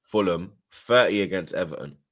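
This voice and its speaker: A man, hosting a casual football chat in slangy, animated talk. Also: sits low, moderate pace. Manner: slangy, animated, swears freely. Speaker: host.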